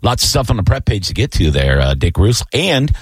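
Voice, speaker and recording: Lively middle-aged male radio host. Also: on the low side, a little fast, husky, no room sound, clean studio sound. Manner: animated, swearing, jokey. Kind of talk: casual radio banter.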